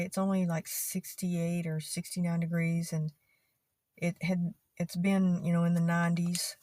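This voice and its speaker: A woman with a lower Panhandle West Texas accent who speaks slowly, drawing her words out with a twang, giving a casual explainer to camera. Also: a little mellow, no echo. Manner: slow drawl, draws her words out with a twang. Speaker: vlogger.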